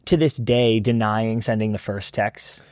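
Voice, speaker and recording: A young man, a podcast guest, telling a story in a casual, excited way, swearing and acting out the people in it. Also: fairly low pitch, measured pace, no echo, clean studio sound. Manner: excited, swearing, acts out the people in his stories.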